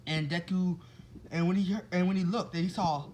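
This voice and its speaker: A man's voice: high voice, brisk, a little mellow, a little hiss or hum, poor audio. Man rambling through a made-up story. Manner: rambling, with restarts and asides to listeners. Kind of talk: casual improvised fan-fiction storytelling.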